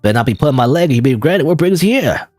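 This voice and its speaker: A man putting on a gruff New York mobster. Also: on the high side, expressive, rapid-fire, a little mellow, no echo, voice pushed up. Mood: menacing. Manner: gruff and threatening. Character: tough male mobster boss guarding his turf.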